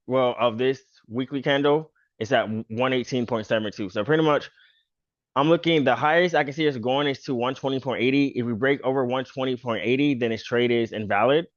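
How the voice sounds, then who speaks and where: A man's voice: medium pitch, dry recording, lo-fi sound. A man hosting a casual stock chart walkthrough, talking loosely with lots of fillers like "pretty much" and "bro". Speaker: stock trader and channel host.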